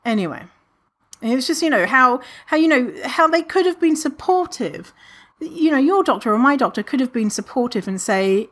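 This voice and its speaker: A woman's voice: high voice, normal speed. Give me a candid, casual woman host chatting through listener questions. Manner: candid, chatty, frequent fillers, animated when retelling. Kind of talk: casual podcast monologue.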